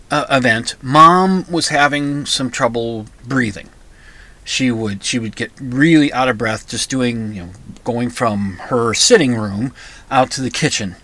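A middle-aged man hosting a podcast, telling a personal family story in a halting way with many restarts. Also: mid-range voice, sharp tone, dry recording. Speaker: podcast host. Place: comic book store.

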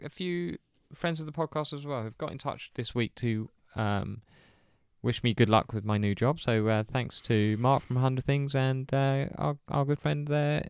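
Smooth-voiced laid-back podcast host. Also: male voice, mid-range voice, fairly even intonation, normal speed, no echo, studio quality. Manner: laid-back, trailing off with fillers. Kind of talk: casual comedy chat.

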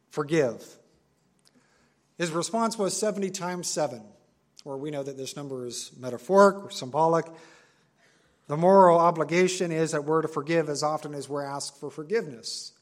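A man preaching a sermon to his assembly, earnest and emphatic, repeating key phrases and slowing down on stressed words. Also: a little high. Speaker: pastor.

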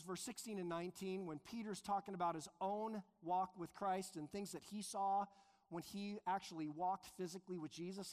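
A man preaching a sermon as pastor, earnest and emphatic, slowing down to stress key phrases. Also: sits high. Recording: long reverb of a large hall.

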